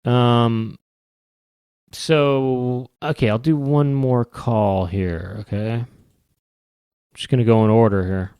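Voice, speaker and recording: A man's voice: medium pitch, fairly even intonation, takes it slowly, pauses often, dark tone, clear, resonant tone, no echo, clean studio sound. A man hosting a podcast and talking in a rambling, wry, casual comedic monologue that often trails off. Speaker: podcast host.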